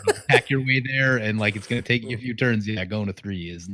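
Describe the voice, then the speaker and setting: A man's voice: on the low side, brisk, pushed and bright, no echo. A man chatting casually during an online card game, explaining strategy at length. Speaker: commander player.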